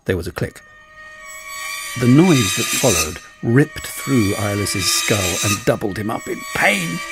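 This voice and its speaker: A man narrating an audiobook in a lively, expressive way. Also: mid-range voice, slow pace, over loud music. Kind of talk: scripted narration.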